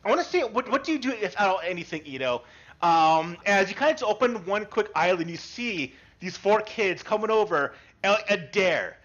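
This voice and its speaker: A man's voice: high voice, animated, a little fast, a bit bright, lo-fi sound. A man narrating as game master in an online tabletop game, rambling and restarting as he describes scenes and asks the player what he does.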